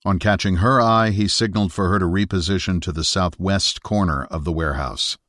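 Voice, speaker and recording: A man narrating an audiobook thriller in a steady, measured reading on a close studio mic. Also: low voice, dry recording. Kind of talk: scripted narration.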